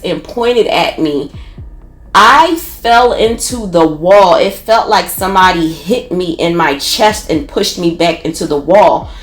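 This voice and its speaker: A woman with a Philadelphia accent telling a personal story in a casual, animated, profane way. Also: medium pitch. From North Philadelphia. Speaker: podcast storyteller. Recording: roomy echo.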